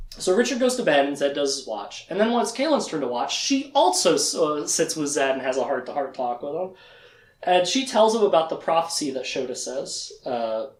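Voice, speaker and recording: Man, podcast host, casual book recap, lively pitch, acts out quotes, echoey room. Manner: animated, acts out characters' lines in quick quoted voices.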